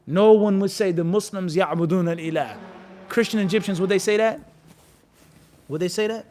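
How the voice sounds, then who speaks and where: Man, religious teacher, fairly high voice, lively lecture, keeps quizzing the audience. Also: moderate pace, slight background noise. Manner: animated, asks the audience rhetorical questions. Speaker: Islamic teacher.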